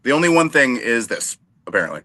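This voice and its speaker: A man's voice: medium pitch, big pitch swings, quick pace, bright, forceful tone, no room sound. A man co-hosting a casual sports podcast, cracking dry self-deprecating jokes. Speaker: co-host.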